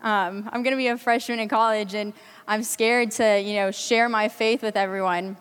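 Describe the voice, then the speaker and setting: A woman's voice: mid-range voice, steady tone, moderate pace, a bit bright, smooth. An eighteen-year-old woman from the Kansas City area giving an earnest personal faith testimony to a youth conference crowd, chatty and full of ums. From Kansas City area, US Midwest. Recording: long hall reverb.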